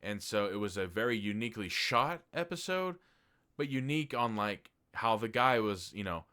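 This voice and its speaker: A man's voice: on the low side, lively intonation, normal speed, sharp tone. A man casually reviewing a TV series, talking loosely with lots of fillers and the odd swear word. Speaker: TV review vlogger.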